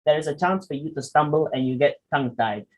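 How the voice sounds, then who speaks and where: A young man with a Malaysian accent leads a public speaking workshop, lecturing in a chatty, demonstrative style full of asides. His voice sits fairly high and he talks fast, though the audio quality is poor.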